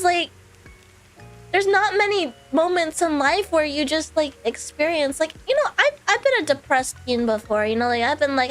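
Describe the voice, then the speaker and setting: A woman with a high voice chats loosely with her stream audience, circling back and piling on fillers as she goes. Soft music plays faintly underneath. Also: low-quality recording. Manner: rambling, filler-heavy, with laughs between phrases. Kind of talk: casual storytelling chat.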